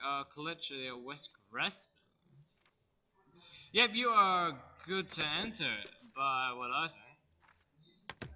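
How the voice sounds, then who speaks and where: A young man with an Australian accent narrating a video game in loud, rowdy bursts, cursing as he goes. His voice sits high and comes across sharp and piercingly bright. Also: dull audio. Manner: loud, excitable, swears a lot. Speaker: gaming YouTuber. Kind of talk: let's play commentary.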